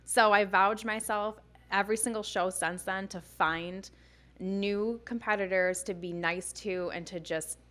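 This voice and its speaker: A young woman chatting casually as a guest, telling animated stories full of "like" and acted-out quotes. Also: mid-range voice, unhurried. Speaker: guest, bikini fitness competitor. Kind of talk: casual storytelling chat.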